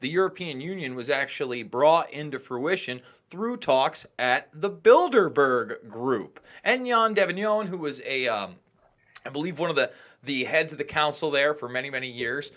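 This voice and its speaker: Male co-host, heated mocking commentator, high sharp tone with wide swings. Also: animated, normal speed. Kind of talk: casual political commentary.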